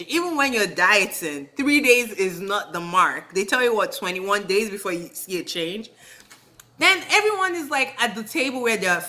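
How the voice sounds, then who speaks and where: A woman's voice: medium pitch, moderate pace. A woman casually ranting about a reality show she watched, indignant and slangy. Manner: animated, indignant, slangy commentary. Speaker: reality TV recap vlogger. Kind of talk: casual rant.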